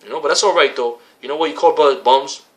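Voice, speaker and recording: A man in a religious community rants passionately at his brothers in a slightly high, fast, somewhat bright voice. He's heated, repetitive and profane, and keeps tacking "man" onto his sentences.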